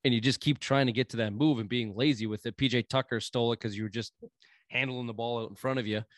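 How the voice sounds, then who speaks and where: A man's voice: medium pitch, fairly even intonation, fast talker, no echo. A man with a New England accent, co-hosting a casual sports podcast and talking in a rambling, profane way with many fillers.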